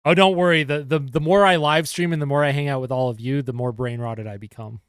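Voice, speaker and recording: A young man calling hockey play-by-play as a fan on a live stream, getting excited over the action and chatting with his viewers in between. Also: medium pitch, quick pace, clean tone, no echo, clean studio sound. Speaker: livestream host and hockey fan commentator.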